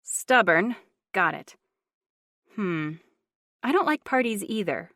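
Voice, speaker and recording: A woman narrator voicing an eager young newlywed woman who is quick to object. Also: mid-range voice, big pitch swings, a bit bright, no echo, studio quality, exaggerated voice.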